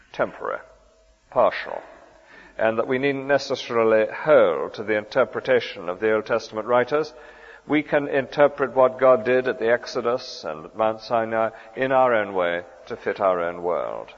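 A man's voice: medium pitch, normal speed. A man preaching a sermon in an earnest, emphatic way, asking the listeners questions. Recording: dull sound with long hall reverb.

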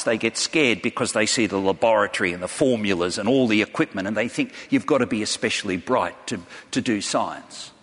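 A man with a lowish, husky, somewhat bright voice preaches to a big congregation in a church hall. He tells stories with earnestness and puts pointed questions to the crowd, while a long reverb fills the recording.

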